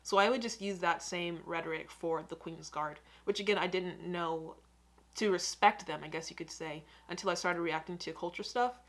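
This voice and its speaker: A woman's voice: lowish voice, moderate pace. A young American woman hosting a reaction video, chatting casually with rambling, self-mocking asides. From United States.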